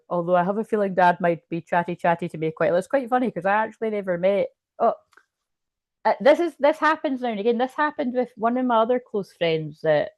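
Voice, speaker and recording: A woman's voice: mid-range voice, darkish tone, no room sound. A woman doing a casual tarot reading as a psychic medium, talking in a rambling way, breaking off mid-sentence and laughing often, with hiccups. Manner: rambling, self-interrupting, chatty with frequent laughs.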